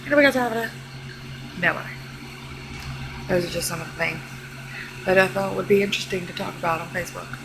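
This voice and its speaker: A woman's voice: fairly low pitch, quick pace, pauses often, noisy background. A young adult woman vlogger giving a sassy, exasperated comedic rant straight to camera. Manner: sassy, exasperated, animated delivery.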